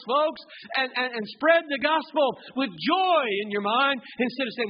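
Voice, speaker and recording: A man preaching a sermon in a church, fervent and swinging from hushed tones to shouting, often asking the congregation rhetorical questions. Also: extremely high pitch, normal speed, few pauses, dull audio. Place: church sanctuary.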